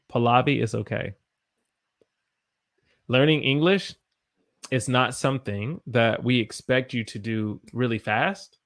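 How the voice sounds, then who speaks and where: A man's voice: medium pitch, unhurried, long pauses, a bit bright. A man from the United States teaching English on a live stream, tired after a long day and encouraging as he reads out viewer sentences and corrects them.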